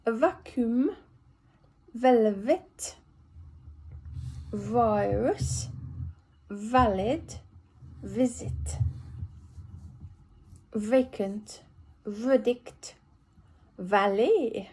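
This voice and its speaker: An English woman in England reads a list of words aloud one at a time for speech practice, relearning to talk after a brain injury, with slow, deliberate, effortful articulation. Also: fairly high pitch, darkish tone, husky. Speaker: vlogger recording speech practice.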